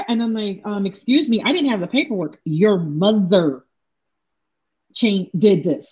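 A woman's voice: medium pitch, lively intonation, normal speed, muffled recording. A woman co-hosting a podcast, telling a story in a casual way and often laughing. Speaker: podcast co-host.

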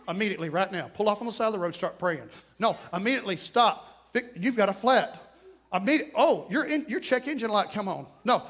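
A man preaching a sermon to a congregation, swinging between shouted exhortation and hushed asides. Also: high-pitched. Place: church sanctuary.

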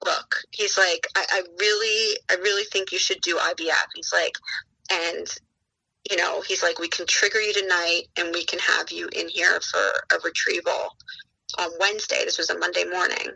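A woman's voice: on the low side, little pitch movement, normal speed, creaky, sharp tone, breathy edge, rough recording. A woman in her thirties, a podcast guest, telling her story in a chatty, casual way and acting out what others said to her. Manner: chatty, retells dialogue with many "she's like".

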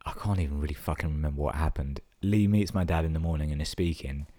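A man's voice: a bass voice, quick pace, warm tone. A young man tells stories casually, swearing a lot and filling his talk with 'like'. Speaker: vlogger telling stories. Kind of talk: casual storytelling.

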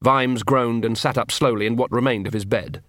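A man's voice: medium pitch, moderate pace, a bit bright, no echo. Male audiobook narrator, dry close sound. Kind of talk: scripted narration.

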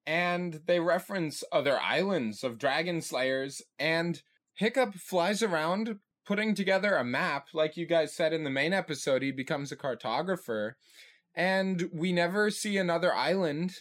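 A man's voice: on the high side, normal speed, fairly bright tone. A man co-hosting a podcast in casual chat, thinking aloud and often checking in with "right?". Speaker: podcast co-host.

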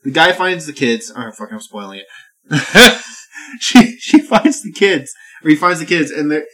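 In a casual podcast chat, a male co-host excitedly retells a movie, swearing and doing voices for the lines. He speaks at a measured pace with a fairly high pitch.

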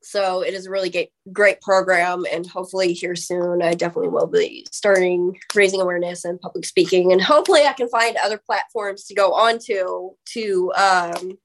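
A woman's voice: lowish voice, steady tone, a little fast, few pauses. A woman who is a guest on a casual podcast, talking in an earnest, candid way and swearing casually.

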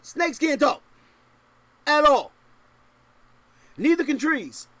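A male pastor preaching a sermon, emphatic, swinging from loud stressed points to quiet asides and often checking in with rhetorical questions. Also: animated, slow, dry recording. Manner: shifts between raised, forceful stresses and low, quiet asides.

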